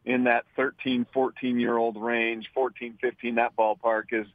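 A man's voice: mid-range voice, little pitch movement, moderate pace, no room sound. A man calling in as a radio guest, talking in a rambling way with many hesitations. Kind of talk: casual interview. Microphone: phone line. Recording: tinny phone line.

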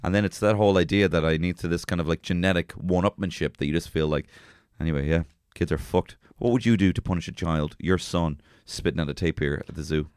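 A young Irish man co-hosting a podcast, telling rambling comedic stories full of swearing and bursts of shouted impressions. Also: low voice, fast talker, few pauses, smooth, dry recording, studio quality. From Ireland. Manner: rambling, swears freely, jumps into shouted character voices. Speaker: podcast co-host. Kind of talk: casual comedic chat.

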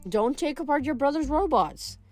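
A woman's voice: high-pitched, expressive, normal speed, darkish tone, no echo, soft background music, voice pushed up. Woman voicing an absent-minded professor dad, middle-aged, distracted, storybook read.

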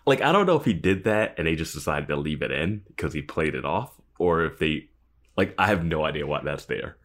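A man co-hosting a podcast, chatting casually about a TV episode in a laid-back way and trailing off into quiet asides. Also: extremely low pitch, lively intonation, brisk. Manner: laid-back, drifts into mumbled asides and laughs. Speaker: podcast co-host. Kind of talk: casual chat recapping a TV episode.

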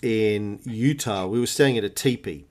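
A man, a podcast co-host telling a lively anecdote in casual chat, swearing freely. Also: lowish voice, moderate pace. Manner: animated storyteller, swears freely.

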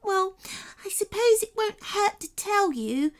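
Casting: woman voicing a tiny weepy storybook fairy, high and wobbly, slow. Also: animated, soft background music, full character voice. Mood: tearful. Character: small sad female fairy, tearful.

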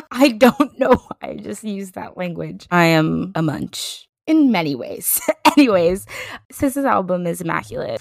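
A woman hosting a casual solo podcast, chatting in an animated, playful way with joking asides to herself. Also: medium pitch, vocal fry, no echo, clean studio sound. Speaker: podcast host.

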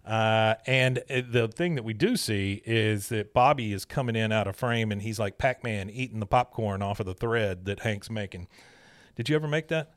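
A man's voice: fairly low pitch, normal speed, no echo, studio quality. A man casually recapping cartoon scenes and mimicking the characters as he goes. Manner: retells scenes and quotes characters in put-on voices. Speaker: podcast host recapping an episode. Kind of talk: casual chat.

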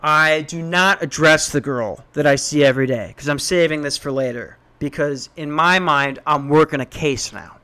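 Young guy from Minnesota, casual rant storytelling, self-deprecating, slightly high voice. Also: normal speed, few pauses, clear, resonant tone. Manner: animated, self-mocking, swears, jumps into high voices when quoting.

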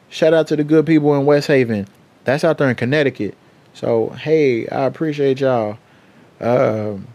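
A young man hosting his own podcast, chatting casually in a loose, profane, rambling way as he gives shout-outs. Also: mid-range voice. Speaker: podcast host. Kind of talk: casual solo podcast chat.

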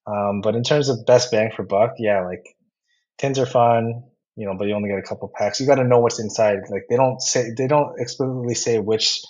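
A man's voice: mid-range voice, fairly even intonation, fairly quick, a little mellow, rough recording. A man talking casually as a guest, chatty, with many fillers and restarts. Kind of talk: casual conversation.

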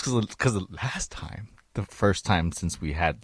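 A man's voice: lowish voice, lively intonation, measured pace, dry recording, clean studio sound. Crude, laughing man telling stories. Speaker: co-host. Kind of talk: casual podcast chat.

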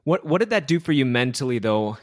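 A man's voice: mid-range voice, big pitch swings, a little fast. A man hosting a casual interview, asking short questions and giving brief replies.

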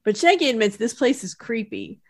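A woman in casual podcast chat, retelling a cartoon plot with animated storytelling. She laughs easily, and her voice sits somewhat high. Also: a little fast. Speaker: podcast co-host.

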